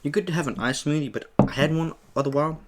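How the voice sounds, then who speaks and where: A young man eating on camera and telling a story in a casual, animated way, swearing freely as he acts out an argument at a shop. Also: a little high, quick pace, heavy background noise. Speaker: mukbang host.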